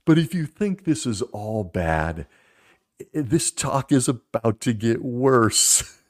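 A man's voice: mid-range voice, lively intonation, slow pace. A man hosting a podcast, giving critical commentary in a sarcastic, mocking way. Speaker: podcast host.

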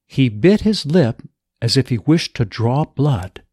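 Slow, measured male storyteller. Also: medium pitch, sing-song, warm tone, husky, no echo, clean studio sound. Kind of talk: scripted story narration.

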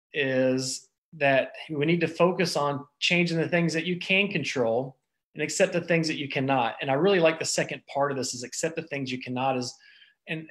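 A middle-aged male doctor with a medium-pitched, fairly bright voice gives wellness advice in an earnest, personal motivational talk about stress and thoughts. He often restarts his sentences and uses plenty of fillers.

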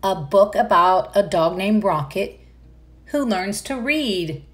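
A woman's voice: medium pitch, lively intonation, takes it slowly. A woman reading a children's picture book aloud, with enthusiastic asides to young listeners. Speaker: read-aloud narrator.

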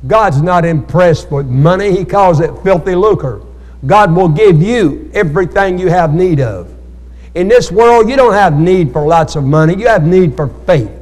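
A male pastor with a high, darkish voice and lively intonation preaches at normal speed during a Bible study, calling out to the congregation for amens. His call-and-response sermon rings through an echoey church hall.

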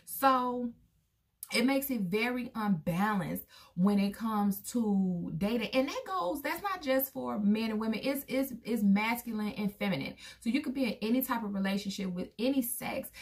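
A woman and mother giving her candid opinions to viewers in a casual vlog, acting out quoted voices with big jumps in pitch. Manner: candid, talks straight to viewers. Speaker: vlogger; parent of a son.

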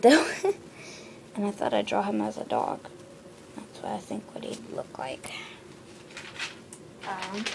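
A woman showing her drawings in a casual show-and-tell, hesitant, with lots of ums and quick self-corrections. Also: medium pitch, a little mellow, slight background noise.

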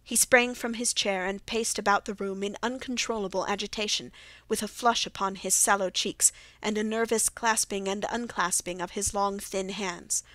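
A woman narrating a classic detective audiobook in a steady, even storytelling manner. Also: mid-range voice, normal speed, no room sound. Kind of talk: scripted narration.

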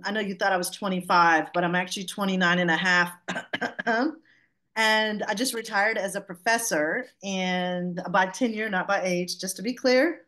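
A woman's voice: medium pitch, a bit bright. A middle-aged woman with a Southern US accent from Georgia, presenting on a webinar over a video call in a chatty, playful, self-joking way. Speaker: guest speaker.

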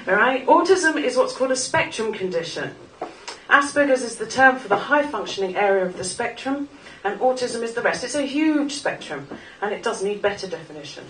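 A woman's voice: mid-range voice, a bit bright. Woman giving a wry talk on stage. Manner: wry, earnest, laughs at her own jokes. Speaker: speaker at a live talk event. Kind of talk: personal talk to a live audience. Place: small club venue in front of an audience. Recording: echoey room, distant mic, faint noise.

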